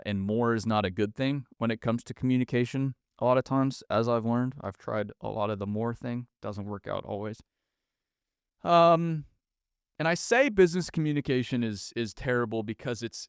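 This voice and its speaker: A man's voice: mid-range voice, clear, resonant tone, no room sound, studio quality. A man, hosting a solo podcast in a blunt, sarcastic way that mocks corporate speak. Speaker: podcast host.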